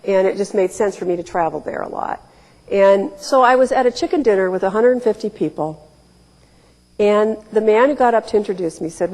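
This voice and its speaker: Woman in her forties, from Ohio, wry candid storyteller, mid-pitched voice, long hall reverb. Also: a little fast, darkish tone. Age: 40s. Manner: candid, wry storytelling with emphatic quoted asides. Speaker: speaker at a public talk. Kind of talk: storytelling talk. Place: lecture hall.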